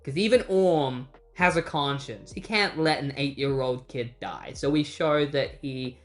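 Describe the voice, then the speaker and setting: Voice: medium pitch, a little slow. A comic book reviewer recapping an issue in a casual, chatty way with incredulous asides.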